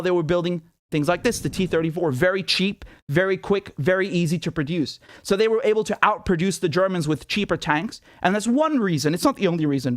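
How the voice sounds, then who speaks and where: High-voiced man ranting sarcastically. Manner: sarcastic, indignant, swears, laughs often. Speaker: political commentator host. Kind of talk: casual commentary rant.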